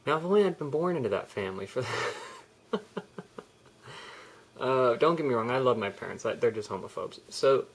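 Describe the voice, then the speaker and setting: A man's voice: medium pitch, animated, normal speed, pauses often, husky. A young man telling a personal story in a candid, rambling vlog, often restarting his sentences. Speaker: vlogger.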